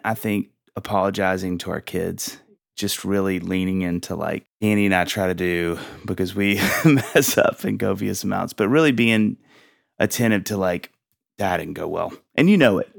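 A man in his thirties hosting a casual faith and parenting podcast, telling stories with lively acted-out quotes and frequent laughs. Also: lowish voice, normal speed, gravelly, no echo, clean studio sound. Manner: animated storyteller, acts out quotes, laughs often. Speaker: podcast host.

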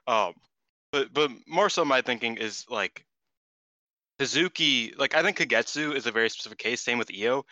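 A man co-hosting a laid-back podcast talks restlessly and excitedly, cursing liberally and frequently tripping up and starting sentences over. The close, dry recording has no echo, capturing his medium-pitched voice as very bright and forward.

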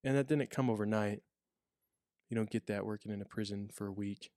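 A prison officer chats casually on a podcast, telling rambling stories with many restarts and fillers. His voice is fairly low, steady, a little mellow and fairly quick. The recording is dry and studio quality.

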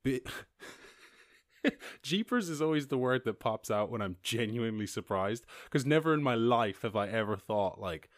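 Irish male podcast host, deep-ish voice, rambling and profane, dry sound. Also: fairly quick, few pauses, dry recording. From Ireland. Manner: rambling, profane, jumps into high squeaky voices for quoted people and animals. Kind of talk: casual solo podcast chat reading news.

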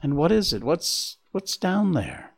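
A man's voice: a little high, big pitch swings, measured pace, gravelly, slightly rough, voice pushed up, heavily acted. A man voicing an anxious, gloomy male oak leaf in a storybook reading, sighing and at times whispering. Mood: worried. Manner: sighing, worried, sometimes whispering.

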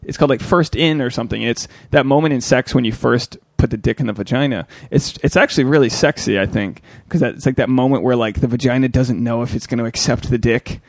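A man's voice: medium pitch, fast, few pauses, no room sound, studio quality. A young man co-hosting a casual podcast, rambling and crude as he tells stories and acts out quoted lines. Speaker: podcast co-host.

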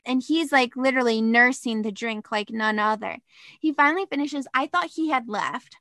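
A young woman tells a dating story in a casual, animated way, leaning on "like" and dramatic emphasis. Her voice is bright and sits a little high. The sound is dry and close. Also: moderate pace, no room sound.

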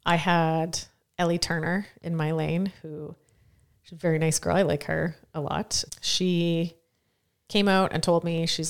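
A woman co-hosting a casual podcast chat, telling animated stories from her work as a competition judge. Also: on the low side, a little slow, smooth. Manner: animated storyteller who acts out quotes.

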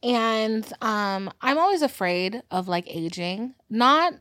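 A woman in her twenties from the Caribbean, hosting a podcast and telling stories in a casual, animated way, dipping into whispers and high squeals. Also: slow, no echo, studio quality. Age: 20s. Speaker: podcast host. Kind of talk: casual storytelling monologue.

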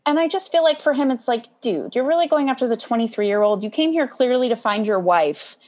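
A woman's voice: a little high, lively intonation, brisk, a little mellow. A young woman co-hosting a casual chat over a remote call, rambling and hesitant, often trailing off. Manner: rambling, hesitant, keeps saying she doesn't know. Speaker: podcast co-host. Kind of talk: casual chat about a reality dating show.

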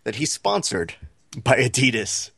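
On a podcast he co-hosts, a man tells a casual, animated story and voices the lines of the people in it. His mid-range voice is gravelly with a breathy edge, and he talks a little slowly.

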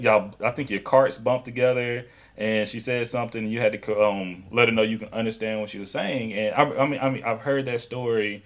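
A male podcast host with a Southern drawl and a lowish voice. He chats in a loose, rambling way, often restarting his sentences. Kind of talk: casual interview chat.

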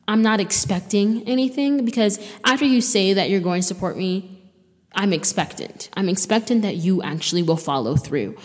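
A woman's voice: mid-range voice, big-room sound. A young woman hosting a solo podcast, talking in a rambling, chatty way full of fillers and restarts. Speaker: podcast host. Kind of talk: casual solo podcast sign-off.

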